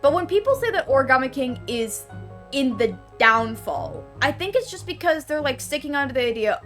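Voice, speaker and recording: A woman's voice: high voice, animated, moderate pace, fairly bright tone. A woman streamer talking casually and with strong opinions while she plays, full of "like" fillers. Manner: chatty and opinionated, many "like" fillers. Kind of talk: casual game stream commentary. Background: game music.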